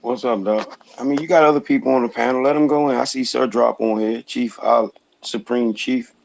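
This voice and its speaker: A man's voice: mid-range voice, steady tone, fairly quick, vocal fry, low-quality recording. A man moderating a casual panel chat, laid-back and agreeable.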